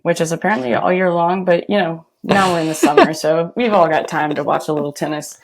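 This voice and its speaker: A woman hosting a podcast in casual, animated chat, often laughing. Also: lowish voice, fairly quick. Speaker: podcast host.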